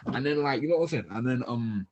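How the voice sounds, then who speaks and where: A man's voice: medium pitch, quick pace, a little mellow, muffled recording. A man from Birmingham with a Birmingham accent, co-hosting a casual football podcast in a laid-back way and laughing often. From Birmingham, England. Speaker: podcast co-host.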